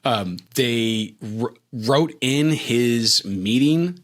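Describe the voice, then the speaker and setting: A man's voice: mid-range voice, expressive, drawn-out words, a bit bright. A man co-hosting a film podcast, gushing animatedly about a favorite movie with many fillers. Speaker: podcast co-host. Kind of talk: casual film chat.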